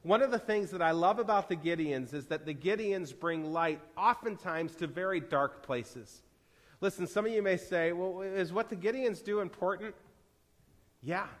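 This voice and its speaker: A man's voice: a little high, lively intonation, moderate pace. A man preaching a sermon as pastor, earnest and storytelling. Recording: reverberant church hall.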